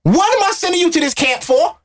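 A man's voice: extremely high pitch, expressive, fast, no room sound, clean studio sound. A man co-hosting a podcast, chatting casually and ranting bluntly with plenty of profanity. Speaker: podcast co-host. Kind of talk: casual chat.

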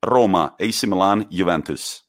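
A man's voice: low-pitched, moderate pace. Hesitant, teasing man. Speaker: podcast co-host and quizmaster. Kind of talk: casual football podcast chat.

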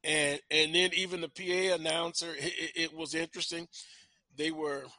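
A man hosting a casual chat, talking in halting bursts with many restarts. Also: a little high, flat delivery, bright, forceful tone, no room sound. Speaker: host.

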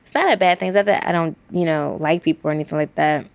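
A woman in her twenties from Washington, D.C., talks openly about her life as a student, at a quick clip and acting out the conversations she retells. Her voice sits low. The sound is dry and close. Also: no room sound. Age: 20s. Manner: candid, speaks quickly, acts out quoted exchanges. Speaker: interviewee, college student. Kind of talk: recorded interview.

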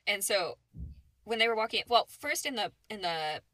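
A woman's voice: mid-range voice, lively intonation, moderate pace, pushed and bright, dry recording. A woman co-hosting a podcast, giggling and gushing about contestants on a dating show. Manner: giggly, gushing, filler-heavy. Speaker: podcast co-host. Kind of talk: casual chat about a reality show.

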